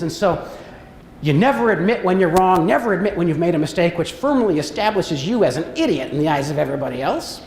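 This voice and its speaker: Man, motivational speaker, lively storytelling keynote, roomy long-reverb hall. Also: fast, slight background noise. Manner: animated, acts out scenes and quotes with big pitch jumps. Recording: echoey hall with faint ambience.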